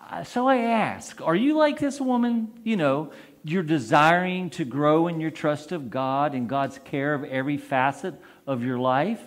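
A man, a priest, preaching a conversational sermon and asking his congregation questions. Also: a little high.

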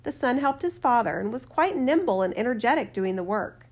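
A woman reads a fairy tale aloud at an even, measured pace, her voice on the higher side. It is plain storybook narration, unhurried and clear. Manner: steady, measured reading.

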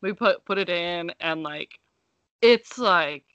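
A young adult woman co-hosting a podcast, telling an animated family story and laughing along. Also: on the low side, takes it slowly, smooth, no room sound. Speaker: podcast co-host. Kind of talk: casual chat.

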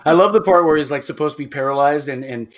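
A man's voice: a little high, fast. A man co-hosting a podcast in casual chat, swearing freely and goofing around with silly voices. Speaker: podcast co-host. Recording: dull lo-fi sound.

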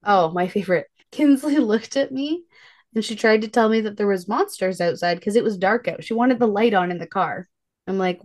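A woman's voice: medium pitch, moderate pace. A woman in her thirties co-hosting a podcast, chatting casually and acting out her kids' voices as she tells stories. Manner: animated storyteller, acts out her kids' voices. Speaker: podcast co-host. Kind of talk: casual chat.

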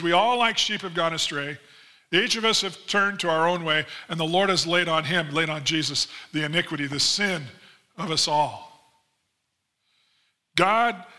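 A man preaching a sermon as pastor, in a conversational style with frequent asides, acting out quoted voices animatedly. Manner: animated storytelling, acts out quoted voices with big pitch jumps; conversational, many "you know" asides.

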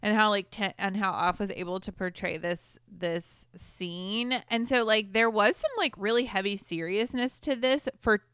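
A young woman co-hosting a casual podcast chat, enthusiastic and quick to agree. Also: medium pitch, a bit bright, clear, resonant tone, no room sound, studio quality. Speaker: podcast co-host.

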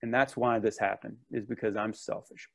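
A man's voice: lowish voice, steady tone, normal speed, gravelly. A man preaching a sermon in an earnest, conversational way, with casual asides and restarts.

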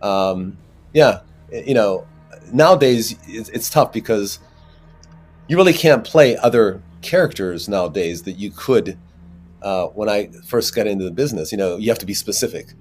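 A man's voice: fairly low pitch, expressive, normal speed, darkish tone, soft background music. A man, an actor, talking casually in an interview, rambling with many restarts and fillers. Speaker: actor guest.

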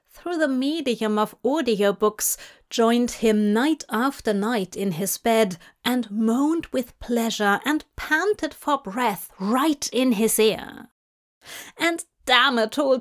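A woman narrates a fan story aloud in a slow, measured way. Her voice sits somewhat high, and she reads with expressive storytelling. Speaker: story reader. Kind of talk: fanfic audiobook narration.

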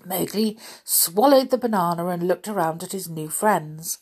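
A woman reading a children's story aloud as a storyteller, in a gentle, chatty manner with small fillers. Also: lowish voice, moderate pace, slightly rough.

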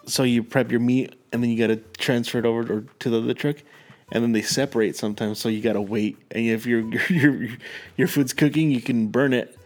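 A man's voice: mid-range voice, steady tone, a little fast, few pauses. Rambling, swearing young man. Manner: rambling, swears a lot, laughs while telling stories. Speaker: podcast co-host. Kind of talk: casual chat.

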